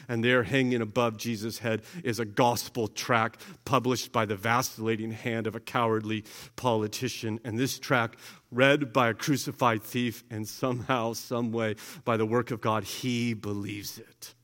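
A man preaching a sermon as pastor, earnest, rising high and loud at the big points and dropping soft and slow for quoted words. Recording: long reverb of a large hall.

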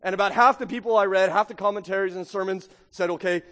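A man's voice: sits high, fairly even intonation, quick pace, fairly bright tone. A man preaching a sermon as pastor, impassioned, building to emphatic peaks and acting out the excuses of his listeners. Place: church sanctuary. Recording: long reverb of a large hall.

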